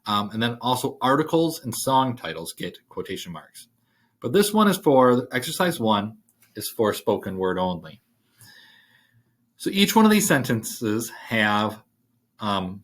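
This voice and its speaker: A man's voice: lowish voice, sing-song, unhurried. A man teaching a college writing class, talking casually through a worksheet with fillers while he types. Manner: casual, thinking aloud with fillers. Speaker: writing instructor. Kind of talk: screen-share worksheet walkthrough.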